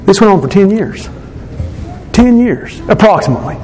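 A man's voice: high-pitched, very animated, normal speed, darkish tone, a little hiss or hum. A man telling his personal testimony in an earnest way, repeating phrases for emphasis. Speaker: speaker giving a testimony.

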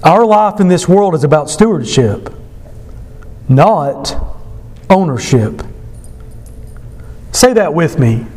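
A man's voice: fairly high pitch, expressive, slow, long pauses, a little mellow, in a large hall. A man preaching a sermon as pastor, emphatic, repeating key phrases and leading the congregation in call-and-response.

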